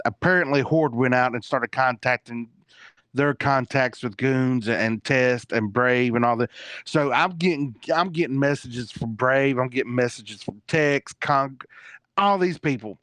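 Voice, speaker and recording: A man's voice: medium pitch, a bit bright, no room sound. A man telling a long story in a casual, rambling way, full of fillers and restarts.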